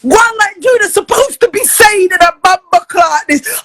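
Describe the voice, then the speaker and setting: A woman, ranting loudly and profanely on a livestream, often close to tears. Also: very high-pitched, normal speed, few pauses. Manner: angry, loud and profane, often near tears. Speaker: live streamer. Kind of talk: heated livestream rant.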